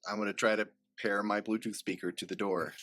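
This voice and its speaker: A man's voice: fairly low pitch, level tone, brisk, a bit bright, no room sound. A man playing a tabletop game, rambling in a goofy in-character way. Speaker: player. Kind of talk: casual tabletop role-play chat.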